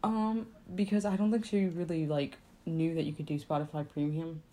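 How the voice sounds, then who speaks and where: Mellow-voiced young woman, chatty and teasing. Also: deep voice, level tone. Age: young adult. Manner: chatty, quick to tease and correct. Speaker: podcast co-host. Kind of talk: casual chat.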